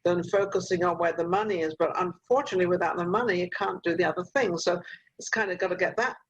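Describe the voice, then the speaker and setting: Older woman host, husky voice, dull video-call sound, chatty mentor. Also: lowish voice, quick pace.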